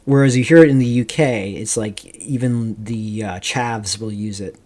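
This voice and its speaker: A man hosting a live stream, rambling casually through commentary, reading chat questions aloud and filling pauses with "um" and "like". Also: on the low side, a little mellow. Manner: rambling, reads chat aloud, many fillers. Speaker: streamer host.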